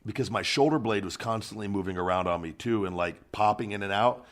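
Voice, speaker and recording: A man's voice: on the low side, brisk. A man co-hosting a podcast, chatting and joking in casual banter. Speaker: podcast co-host. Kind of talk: casual chat.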